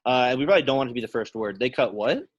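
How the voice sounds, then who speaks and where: A man's voice: medium pitch, lively intonation, racing, no room sound, muffled recording. Casual man teaching a classroom lesson. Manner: casual, quizzing students by name and thinking aloud. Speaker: Latin teacher.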